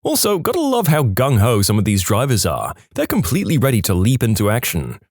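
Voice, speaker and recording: A man narrating online stories in an expressive, scripted storytelling manner. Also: mid-range voice, fairly quick.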